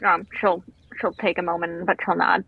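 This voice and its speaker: A woman's voice: fairly low pitch, level tone, moderate pace, gravelly, husky, narrow, tinny audio. A woman playing a tabletop game, describing what her character does in third person. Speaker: player.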